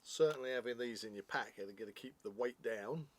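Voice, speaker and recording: A man's voice: mid-range voice, fairly quick. A man co-hosting a casual product review, chatty and jokey, explaining things at length.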